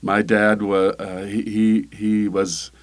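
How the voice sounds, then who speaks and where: An older man, a pastor, talking casually in an interview, halting with many fillers and restarts. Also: lowish voice, level tone.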